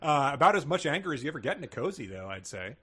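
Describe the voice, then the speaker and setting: A man's voice: mid-range voice, rapid-fire, a little hiss or hum. Chatty guy recapping a book, voice bouncing all over, laughs a lot. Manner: chatty, laughs often, lively storytelling. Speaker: podcast co-host. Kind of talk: casual chat, summarizing a book's plot.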